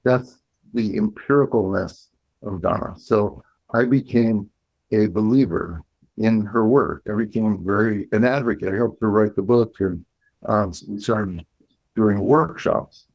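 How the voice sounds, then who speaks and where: A man with a lowish voice recounts his story at a measured, thoughtful pace, stopping now and then to restart a phrase. He sounds like a psychologist speaking as an interview guest. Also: highs cut off. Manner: measured and reflective, with pauses and restarts.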